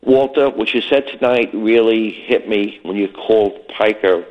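A retired older man from Brooklyn calling in to a late-night radio show, earnest and halting, stumbling over his words. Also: fairly low pitch. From Brooklyn, New York. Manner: earnest, halting with many restarts. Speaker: caller. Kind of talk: phone call to a radio show. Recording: muffled phone line.

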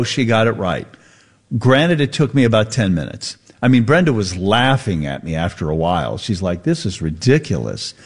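A man hosting a radio show, casually telling a story and acting out the voices in it. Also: medium pitch. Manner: storytelling, mimics voices for effect. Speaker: radio host. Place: radio studio.

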